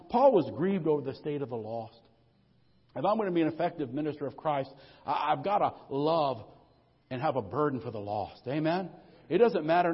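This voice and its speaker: A husky man preaches with a fairly high voice, climbing into loud, fervent stretches and calling out for amens. His sound is dull and muffled, and it rings with long reverb as if it was recorded in a big church hall. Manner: builds to loud passionate peaks, asks for amens. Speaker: pastor. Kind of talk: sermon.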